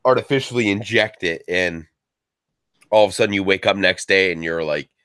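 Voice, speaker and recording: A man's voice: deep voice, moderate pace, fairly bright tone, smooth, no room sound, clean studio sound. A man hosting a podcast, talking in a rambling, slangy way with some swearing. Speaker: podcast host. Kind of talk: casual chat.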